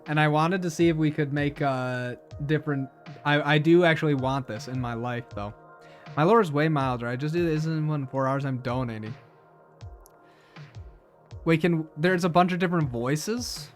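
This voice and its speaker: A man's voice: on the high side, normal speed, faint music behind. A man streaming live, chatting casually with his viewers, laughing often and repeating words as he talks.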